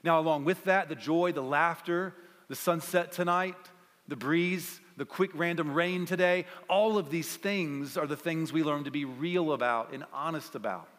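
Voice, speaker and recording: A man's voice: a little high, normal speed. Man preaching in an echoing hall. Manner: energetic, conversational, rallying the audience. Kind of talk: sermon. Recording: long reverb in a large hall.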